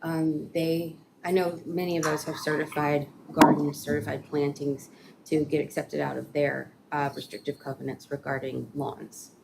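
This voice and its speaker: A city staff woman explains an ordinance to a committee, her voice sitting very low. She talks haltingly with frequent fillers and restarts. A steady room hum runs clearly behind her. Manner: hesitant, many fillers and restarts. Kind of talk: committee meeting briefing.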